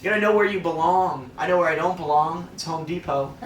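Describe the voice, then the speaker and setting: A young Midwestern man with a high-pitched voice does a self-deprecating stand-up set on a club stage, bantering with the crowd. He's far from the mic and the clip is very noisy, with roomy live-club acoustics and an audience laughing throughout.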